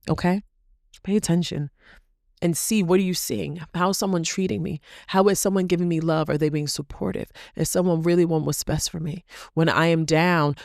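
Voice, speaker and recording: A woman's voice: low-pitched, darkish tone, no room sound, clean studio sound. A woman hosting a solo podcast, talking animatedly, asking rhetorical questions and repeating phrases for emphasis. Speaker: podcast host.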